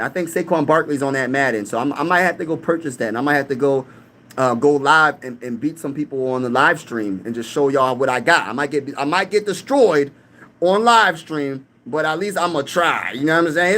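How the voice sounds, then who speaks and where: Young dude on a sports livestream, fired up, trash talking, kinda high voice. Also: male voice, expressive, brisk, pushed and bright. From Pennsylvania. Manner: hyped, trash-talking, reads chat aloud. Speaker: sports channel host. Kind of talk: casual live-stream sports talk.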